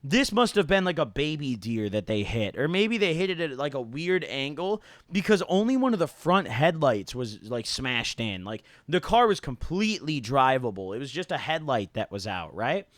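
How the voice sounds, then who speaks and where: A man's voice: mid-range voice, sing-song, normal speed, hardly any pauses, dry recording, studio quality. A young man telling a rambling, slang-heavy story to his viewers, full of "like" and "dude" and casual swearing. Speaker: YouTuber.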